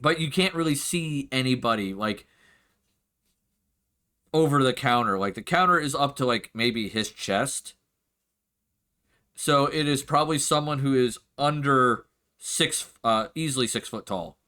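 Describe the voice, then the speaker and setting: A man's voice: mid-range voice, lively intonation, a little slow, long pauses, bright, forceful tone. A man narrating a tabletop game as game master in a loose, descriptive way, with lots of "like" and "uh".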